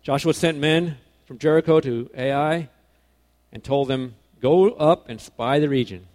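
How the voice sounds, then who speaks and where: A man preaching a casual sermon to young people, animated, swinging between loud emphasis and quiet asides, often correcting himself. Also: a little high, unhurried. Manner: casual, self-correcting, informal phrasing.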